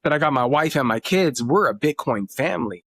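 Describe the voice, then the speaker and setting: A man's voice: a little high, animated, brisk, a bit bright, no echo, clean studio sound. A man in his thirties, a podcast guest, telling family stories in an earnest, emotional way. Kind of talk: casual interview talk.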